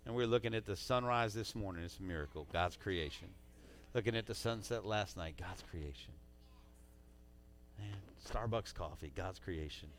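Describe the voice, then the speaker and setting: A man preaching a sermon as pastor, swinging between loud urging and quiet asides in a church sanctuary on a stage mic. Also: on the low side, normal speed.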